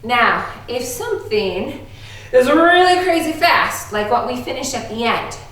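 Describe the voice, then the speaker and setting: Bubbly lady music teacher talking slow to kids, super echoey room, mic kinda far off. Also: fairly high pitch, animated, fairly bright tone. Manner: upbeat, playful, exaggerated teacher voice. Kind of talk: online music lesson for children.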